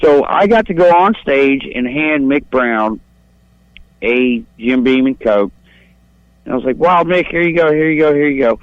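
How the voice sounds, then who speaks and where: A man's voice: mid-range voice, lively intonation, moderate pace, dry recording. A man phones in to a talk show and tells a long crude story. He rambles and boasts. The line is dull and lo-fi, with no room sound at all. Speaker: caller. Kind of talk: profane call-in storytelling.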